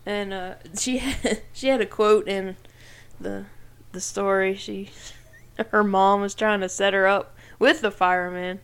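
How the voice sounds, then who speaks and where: A woman co-hosting a podcast in casual chat, relaxed and quick to laugh. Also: medium pitch, clean tone. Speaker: podcast co-host.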